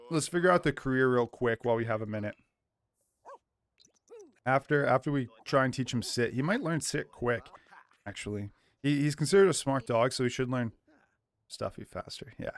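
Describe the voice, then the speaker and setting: A man's voice: mid-range voice, lively intonation, normal speed, pauses often. A young man giving rambling let's play commentary from a small home office, chatting to viewers and his dog. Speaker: gaming YouTuber.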